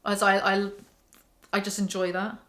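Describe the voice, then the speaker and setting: A woman's voice: medium pitch, completely flat delivery, moderate pace, fairly bright tone. Candid woman ranting about books. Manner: candid, ranting, swears freely. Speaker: book reviewer. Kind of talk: casual spoken book review.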